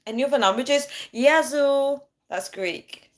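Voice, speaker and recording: A woman's voice: high voice, a little slow. A woman in her thirties hosting a casual phone live stream, chatty and bubbly, reading out viewer comments. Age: 30s. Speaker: livestream host.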